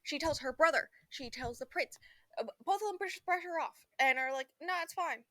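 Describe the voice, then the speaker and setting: A young woman with a slightly high voice talks through a book she has just finished, rambling with plenty of fillers. She drops into quick acted-out lines and laughs along the way. Her voice is recorded close and dry, with no room echo. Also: bright, forceful tone. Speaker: book vlogger. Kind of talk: casual book review chat.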